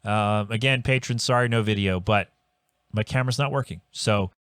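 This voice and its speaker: A man's voice: on the low side, normal speed, fairly bright tone, clean tone, no echo, studio quality. A man hosting a solo podcast, rambling and ranting with exasperated asides and frequent restarts. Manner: rambling, exasperated, self-interrupting. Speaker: podcast host. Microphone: home podcast microphone.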